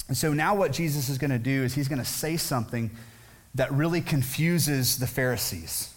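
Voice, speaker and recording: A man's voice: medium pitch, moderate pace. A man preaching a sermon as pastor, talking conversationally and asking many rhetorical questions.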